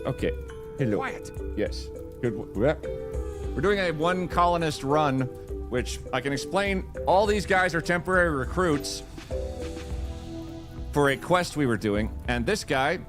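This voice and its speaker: A man's voice: on the high side, animated, unhurried, over music. A man streaming a game live, chatting along as he plays, greeting viewers and talking to his cat. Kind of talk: live-streamed gameplay commentary.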